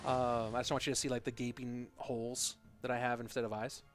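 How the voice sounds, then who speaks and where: A man's voice: medium pitch, flat delivery, fairly quick, faint music behind. A man casting an esports tournament on a live stream, chatting casually and answering viewer questions between matches with plenty of ums and uhs. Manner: casual, answers chat questions with frequent fillers.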